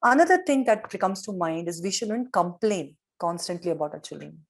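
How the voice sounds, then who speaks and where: A middle-aged woman giving a devotional talk on parenting, gently telling stories and retelling quotes. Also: lowish voice, expressive, normal speed.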